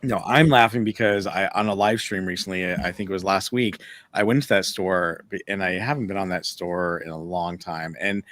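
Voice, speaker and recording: A man's voice: sits low, moderate pace, fairly bright tone, no room sound. A man co-hosting a casual chat, playful and amused. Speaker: podcast co-host.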